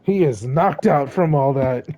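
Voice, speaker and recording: Mellow-voiced man running a tabletop game. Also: fairly high pitch, measured pace, slight background noise. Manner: laughs while narrating, relaxed. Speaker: game master.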